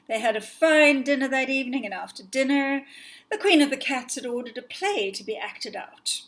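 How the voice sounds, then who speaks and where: A woman telling a fairy tale from memory, in a gentle, expressive way that sometimes drops to a whisper. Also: sits high, moderate pace, rough recording. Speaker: storyteller.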